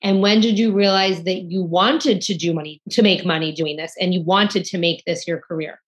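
A woman hosts an interview, her voice sitting a touch low. She talks quickly and affirms her guest, often restarting her sentences as she builds toward a question. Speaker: interviewer host. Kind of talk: conversational interview.

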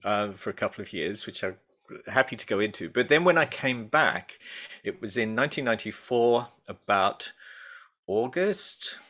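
Hesitant, bright-voiced middle-aged man. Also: fairly low pitch, expressive, normal speed. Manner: rambling, hesitant, many restarts and fillers. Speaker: guest, baker and food writer. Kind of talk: casual conversational interview.

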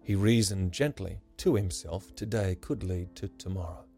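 A man narrating a rhyming story in a measured, lyrical way. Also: low-pitched, warm tone. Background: faint music.

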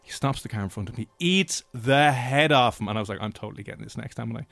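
Irish guy hosting radio, talks fast and jokey, dry studio mic. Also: mid-range voice, vocal fry, a bit bright, no echo. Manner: quick, joking storyteller. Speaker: radio host. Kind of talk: casual radio chat.

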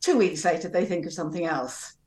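A woman, an educational psychologist, speaking as a guest in a radio debate in a measured, calm, reasoning way. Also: on the low side, echoey room.

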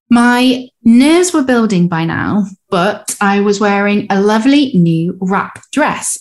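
A woman co-hosting a coaching podcast, chatting casually and reading a listener's story aloud. She sounds upbeat and playful. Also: medium pitch. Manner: upbeat, playful, slips into quick voices for inner characters. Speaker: podcast co-host.

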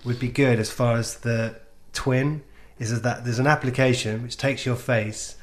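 A man's voice: medium pitch, fairly even intonation, normal speed. A man co-hosting a casual comedy podcast, laying out ideas for segments in plain words. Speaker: podcast co-host.

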